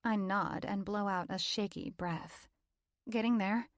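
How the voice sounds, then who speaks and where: A woman narrating a first-person romance audiobook in a calm, even reading. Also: mid-range voice, measured pace, no room sound, studio quality.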